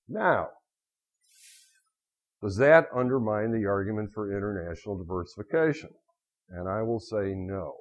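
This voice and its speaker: A middle-aged man lecturing on finance to a class, telling lively anecdotes and acting out quotes, in a dull lo-fi recording. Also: fairly low pitch. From United States.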